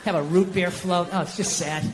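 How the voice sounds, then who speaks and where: A man's voice: high-pitched, fairly even intonation, fairly quick, long reverb tail, background noise. A middle-aged American man doing stand-up comedy, ranting profanely in an exasperated way and acting out quotes.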